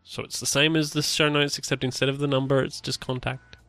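A man's voice: mid-range voice, little pitch movement, a little fast, a bit bright. A man co-hosting a casual podcast, rambling with restarts and fillers. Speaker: podcast co-host.

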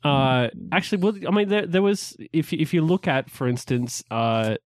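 A man's voice: a little high, animated, normal speed, dry recording, clean studio sound. A man co-hosting a casual geek podcast, opening in an upbeat way, then rambling with many restarts. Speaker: podcast co-host.

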